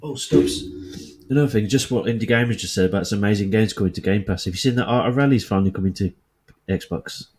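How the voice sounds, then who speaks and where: A man's voice: on the low side, fast talker, a little mellow. A man from Birmingham with a Birmingham accent, bantering jokily in a casual gaming podcast chat. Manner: jokey, banters and swears.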